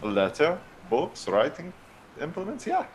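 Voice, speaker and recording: A man's voice: on the high side, huge pitch swings, unhurried, a little hiss or hum. A man playing in a tabletop game, chatting in a joking, self-deprecating way. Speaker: player. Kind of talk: casual tabletop game chat.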